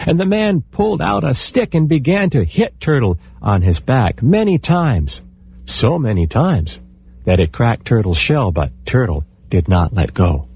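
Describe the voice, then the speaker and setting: A male storyteller telling an animal folktale in a husky voice with a lively, wide-ranging pitch. His delivery is expressive and animated throughout. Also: a little slow.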